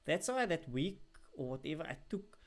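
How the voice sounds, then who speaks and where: A young adult live streamer talks casually to chat, rambling and using lots of fillers, with animated bursts whenever greeting viewers. The voice is mid-range and the pace moderate.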